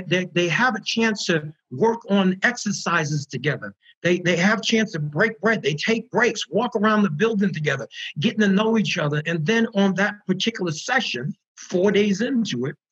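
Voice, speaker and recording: A man's voice: high voice, a bit bright, slightly rough, lo-fi sound. A man who founded a prisoner reentry program, telling stories earnestly and repeating words for emphasis on a video call. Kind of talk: storytelling in an online panel interview.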